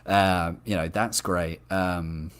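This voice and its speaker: A show host with a deep, fairly even voice speaks slowly while running a live discussion show. He chats enthusiastically and reads out viewer comments, with frequent ums and restarts.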